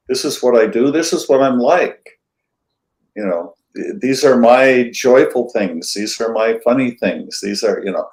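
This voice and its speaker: A man hosting an interview, talking in a rambling, thoughtful way with many pauses. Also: lowish voice, darkish tone, reverberant, poor audio. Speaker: interview host. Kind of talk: casual interview conversation.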